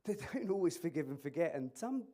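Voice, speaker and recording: Man, emergency clinician, lively conference speaker on a mic, voice a touch high, jokey, interactive. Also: fast. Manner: animated, jokey, quizzing the audience. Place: conference hall. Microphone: microphone.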